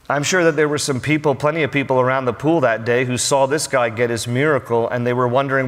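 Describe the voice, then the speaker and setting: A man's voice: medium pitch, quick pace, hardly any pauses. Man preaching in a reverberant church hall. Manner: animated storytelling, acting out quoted voices. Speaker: pastor. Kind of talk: sermon. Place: large church sanctuary.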